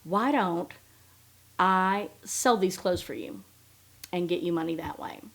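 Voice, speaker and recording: A woman voicing a flustered young woman in a shrill, exaggerated way. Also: slow pace, gravelly, a bit bright, full character voice. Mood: coy. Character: flustered young woman, panicky then coy.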